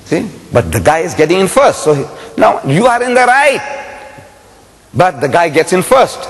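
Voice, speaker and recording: A man's voice: a little high, very animated, moderate pace. A man giving a public religious lecture, telling a story dramatically and firing rhetorical questions at the audience. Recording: long hall reverb.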